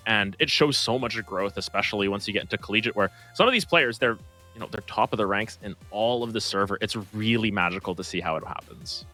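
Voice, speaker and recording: A man's voice: on the low side, fast, sharp tone, soft background music. A man giving explanatory analysis on a live esports broadcast, in a coaching tone.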